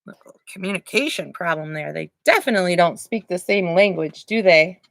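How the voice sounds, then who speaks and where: A woman preschool teacher reading a picture book aloud to young children, animated and asking them questions. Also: lowish voice, fairly quick, creaky, no echo.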